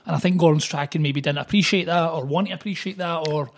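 A man, an author guest on a podcast, telling stories in a fast, animated way. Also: on the high side. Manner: fast, animated storytelling with quoted voices. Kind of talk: casual podcast chat.

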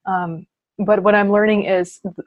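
A woman's voice: medium pitch, flat delivery, normal speed. A woman guest on a podcast, speaking in an earnest, reflective way, often saying "you know" and "I mean". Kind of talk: casual conversational interview.

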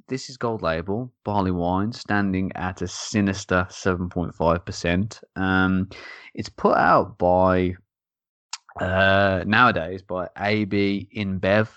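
Podcast co-host, man, young adult, very low voice, dry close sound, chatty and rambling. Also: steady tone, slow pace, fairly bright tone, clean tone, no room sound. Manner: rambling, jokey, many fillers. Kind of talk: casual chat.

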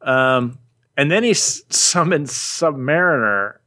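Man, podcast co-host, relaxed rambling recap, mid-pitched everyday voice. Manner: rambling, animated retelling with quick voices for characters. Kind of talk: casual chat.

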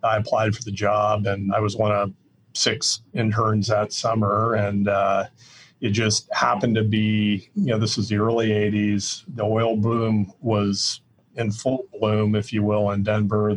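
An older man from the Midwest, a real estate executive answering podcast interview questions in a measured, plainspoken way with frequent fillers. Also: lowish voice, monotone, low-quality recording. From Midwest US, Iowa.

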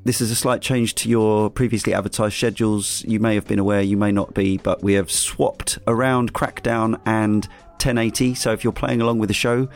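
A man's voice: on the low side, fairly even intonation, normal speed, hardly any pauses, soft background music. A man hosting a casual podcast chat, rambling with fillers and restarts. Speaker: podcast host.

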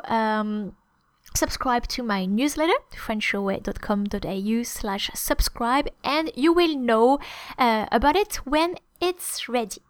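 This French teacher and podcast host has a voice on the high side, captured with no room sound. She gives a long-winded language lesson explanation full of hesitant fillers.

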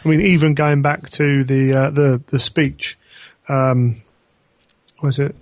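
Man, podcast co-host, wry and halting, mid pitch, dry. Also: little pitch movement, no echo. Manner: halting, repeats words, wry. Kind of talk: casual book discussion.

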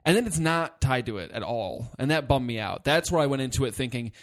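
Animated, profane man ranting about a movie. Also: mid-range voice, fairly quick, few pauses. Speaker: podcast co-host. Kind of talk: casual movie discussion.

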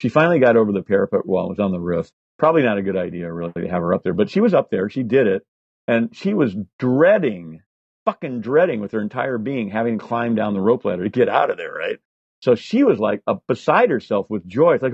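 A man in his sixties, a guest on an interview, telling animated, profane stories full of fillers. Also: lowish voice, fairly quick, husky, dry recording. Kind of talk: casual storytelling interview. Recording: slightly dull lo-fi audio.

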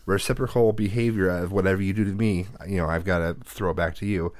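A man in casual chat, telling family stories with animated quoted voices and laughter. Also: low voice, fast, no echo. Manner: animated storyteller who acts out quotes, laughs, swears.

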